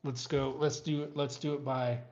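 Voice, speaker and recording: A middle-aged man hosting a casual live stream from home, talking in a halting way with many fillers. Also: medium pitch, little pitch movement, darkish tone, dull audio.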